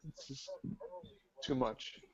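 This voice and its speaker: A man co-hosting a casual movie chat, weighing his opinions in a measured, hedging way. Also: a bit bright, dull audio. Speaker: co-host, film reviewer.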